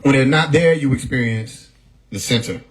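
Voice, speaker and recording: A man's voice: mid-range voice, normal speed, rough recording. A man talking casually on a livestream, laid-back and profane, often laughing as he talks. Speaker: livestream host. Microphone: phone mic.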